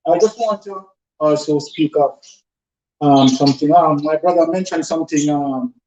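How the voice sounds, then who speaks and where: A man, a pastor co-hosting a livestream, speaking haltingly with many ums before turning to scripture. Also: a little high, mellow, roomy sound, muffled recording. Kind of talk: slow preaching talk.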